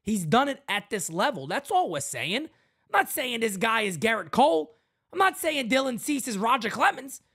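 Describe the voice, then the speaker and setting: A man's voice: very high-pitched, very animated, moderate pace, a bit bright. A man hosting a sports fan call-in show, hammering his points home and repeating lines for emphasis.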